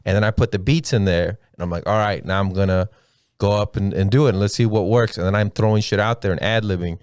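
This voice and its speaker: A man's voice: on the low side, steady tone, fast talker, darkish tone, clean tone, dry recording, studio quality. A man, a comedian and podcast host, telling rambling, profane stories in casual chat. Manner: profane, rambling storyteller, laughs at his own stories.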